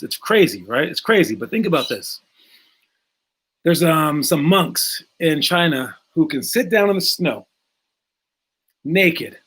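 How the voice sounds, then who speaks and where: A man coaching young basketball players in a casual talk, energetic, with many fillers and repeated words. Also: a little high. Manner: energetic, acts out movie scenes in raised voices.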